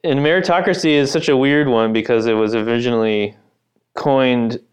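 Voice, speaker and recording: A man's voice: mid-range voice, moderate pace. Thoughtful, hesitant man. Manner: thoughtful, hesitant, laughs easily. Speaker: guest author. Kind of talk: casual podcast chat.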